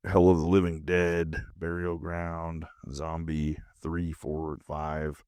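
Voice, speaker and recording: A man's voice: sits low, monotone, slow, a little mellow, clear, resonant tone, no echo, studio quality. A man hosting his own podcast from his home movie room, drowsy and half asleep, rambling in a laid-back, meandering way. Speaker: podcast host. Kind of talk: casual rambling monologue.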